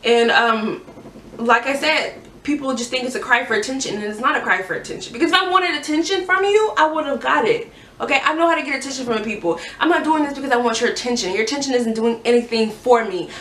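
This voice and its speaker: Young woman, candid personal testimony, halting and earnest, slightly high voice, recorded from a distance in an echoey room with faint background noise. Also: a bit bright. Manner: halting and earnest, many restarts. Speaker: vlogger sharing a personal story.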